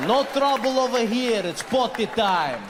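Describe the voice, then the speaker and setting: A man's voice: extremely high pitch, expressive, measured pace, crowd noise. Man putting on a menacing Russian tough guy. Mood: cocky. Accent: Russian, put on. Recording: stage mic with long hall reverb, faint hiss.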